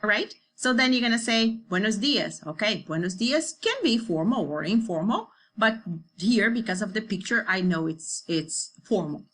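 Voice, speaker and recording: A woman teaching a class in English, slowing down to model words and checking in with "okay?" after each point. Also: medium pitch, lively intonation, a bit bright. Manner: repeats "okay?" often, slows down to model pronunciation. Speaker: Spanish teacher. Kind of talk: recorded class lecture.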